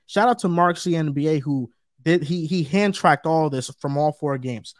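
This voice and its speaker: A man's voice: on the high side, normal speed, no echo, clean studio sound, soft background music. A man co-hosting a sports debate show, talking emphatically and repeating his points for stress. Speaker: co-host.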